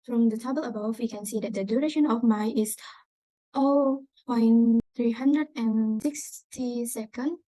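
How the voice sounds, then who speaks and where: A young student, Indonesian by first language, carefully reads out measurements in sequence while presenting an exam project through a screen-recorded walkthrough. Her voice is on the high side with a dark tone; the recording is rough, without echo.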